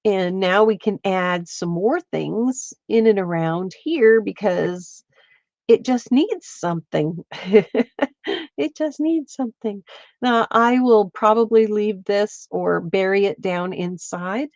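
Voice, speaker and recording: A woman's voice: mid-range voice, slow, a little mellow, no echo, muffled recording. A woman hosting a casual livestream stitching demo, thinking aloud and greeting viewers by name. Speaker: craft show host. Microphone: streaming setup mic.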